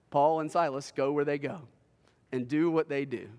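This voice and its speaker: A man preaching a sermon as a pastor, telling a story dramatically and swinging between loud bursts and hushed lines. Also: fairly high pitch, fairly even intonation, moderate pace, in a large hall. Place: church sanctuary.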